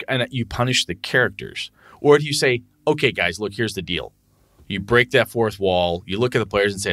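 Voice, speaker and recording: A man's voice: lowish voice, normal speed, no room sound. A man co-hosting a casual tabletop gaming podcast, swearing freely and acting out what he says to his players. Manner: animated, profane, acts out what he says to players. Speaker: podcast co-host and game master.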